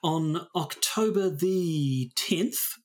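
A man's voice: on the high side, extremely slow. A man co-hosting a podcast in casual chat, rambling and correcting himself as he reads a statement aloud. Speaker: podcast co-host.

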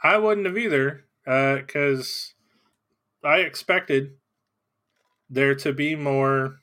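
A man's voice: on the high side, slow pace. A man co-hosting a casual film podcast, talking loosely with many fillers. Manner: relaxed, hesitant, filler-heavy. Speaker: podcast co-host.

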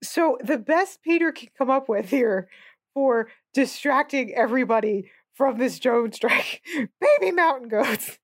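A woman co-hosts a casual movie podcast with a slightly high voice. She is wry and sarcastic and often breaks into laughter. The recording is dry and close. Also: lively intonation, a little slow, no room sound. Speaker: podcast co-host.

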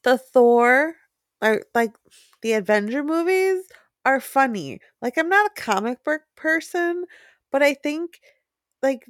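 A woman's voice: high-pitched, lively intonation, takes it slowly, no echo, clean studio sound. A woman co-hosting a casual podcast chat, giggly and rambling, pressing her points with emphasis. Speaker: podcast co-host.

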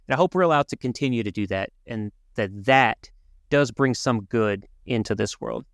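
Male podcast co-host, even mid pitch, earnest and measured, dry close sound. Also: creaky, dry recording. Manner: earnest, measured, some restarts. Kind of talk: casual podcast chat.

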